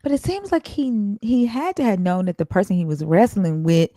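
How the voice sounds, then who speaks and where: A woman's voice: mid-range voice, normal speed, mellow, no echo. A woman co-hosting a casual Bible chat who asks pointed questions and reasons them out aloud. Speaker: podcast co-host discussing the Bible.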